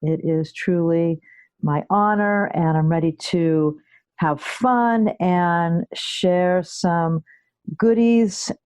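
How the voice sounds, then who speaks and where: A middle-aged woman hosting a podcast episode as a health coach, speaking in an unhurried, deliberate way. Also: fairly low pitch, a little mellow, clean tone, no echo. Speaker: guest host, health psychology coach. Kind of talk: podcast monologue.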